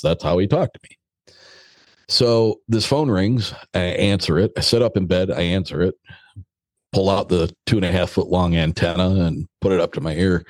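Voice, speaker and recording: A man's voice: deep voice, dry recording. A middle-aged American man, a podcast guest, telling a story in a casual, blunt and joking way, with some mild swearing.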